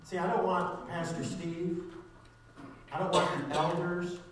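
A man's voice: high voice, fairly even intonation, unhurried, slight background noise. Fervent pastor man in an echoey hall. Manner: sarcastic streak, builds to fervent emphasis. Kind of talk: sermon. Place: church sanctuary. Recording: echoey church hall, distant mic.

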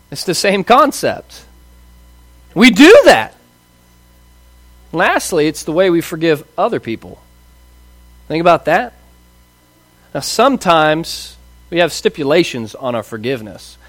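A man's voice: sits high, big pitch swings, a little slow, long pauses, fairly bright tone, dry recording. A man in his thirties preaching a conversational sermon, asking rhetorical questions and acting out voices. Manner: casual, asks rhetorical questions, acts out quoted voices. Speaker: pastor.

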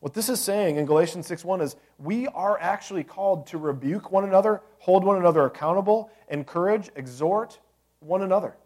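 A man's voice: high-pitched, a little fast, a little mellow. Male pastor, lightly raised voice, casual sermon delivery with rhetorical questions. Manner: conversational preaching with asides and rhetorical questions.

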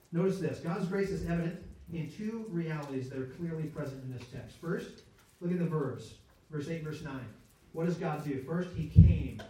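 A man with a fairly high, mellow voice leads a conversational Bible study, asking rhetorical questions and checking in with his listeners. He restarts and corrects himself mid-sentence. He is heard from a distance in a very echoey room. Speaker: Bible teacher. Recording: very echoey room, speaker far from mic.

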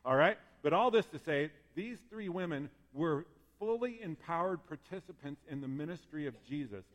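A male pastor giving a sermon in a lively, conversational way, with asides and fired-up moments. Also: fairly high pitch, normal speed. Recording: long reverb in a hall.

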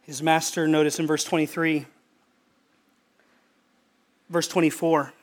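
A high-pitched man delivers a sermon as pastor. He is emphatic and hammers home his points by repeating words again and again. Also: level tone, measured pace, long pauses.

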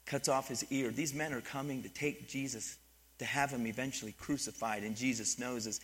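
Bright-voiced pastor preaching with swings in force. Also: male voice, mid-range voice, normal speed, breathy edge. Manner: animated, swings from quiet to emphatic, asks the congregation questions. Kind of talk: sermon.

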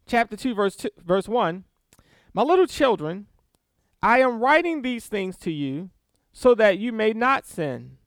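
Male preacher, high and lively, slow and deliberate, dry close sound. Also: dry recording. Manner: animated, reads scripture aloud with emphatic stresses and small laughs. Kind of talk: sermon.

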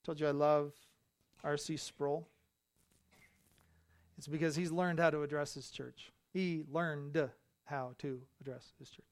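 High-voiced man preaching with fervor. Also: fairly even intonation, measured pace, long pauses. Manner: impassioned, builds to loud emphatic repetitions. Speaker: pastor. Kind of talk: sermon. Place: church sanctuary.

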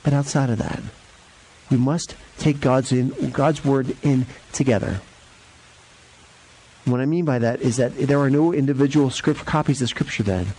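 A male pastor giving a conversational sermon in a church, jumping up and down in pitch to stress his points. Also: poor audio. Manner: conversational and lively, varies pitch for emphasis. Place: church sanctuary.

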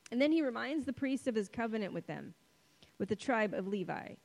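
A woman's voice: fairly high pitch, animated, gravelly, darkish tone, low-quality recording. Playful woman preaching a sermon. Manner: conversational and playful, dramatic pauses on key words.

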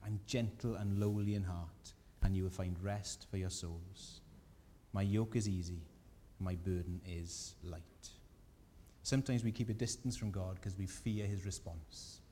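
Gentle pastor preaching in an echoey hall. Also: male voice, deep voice, steady tone, unhurried, slight background noise. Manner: earnest, gentle preaching with rising emphasis. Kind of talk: sermon. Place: church.

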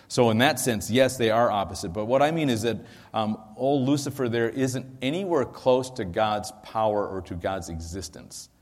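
A man's voice: on the low side, normal speed, few pauses, big-room sound. A male pastor teaching a sermon into a microphone, explaining in a conversational way with frequent ums and asides.

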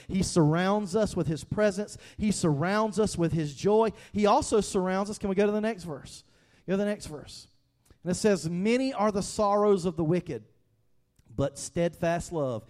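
A man preaching a sermon in an animated way, sometimes shouting and sometimes going soft, acting out the quotes he tells. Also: high voice. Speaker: pastor.

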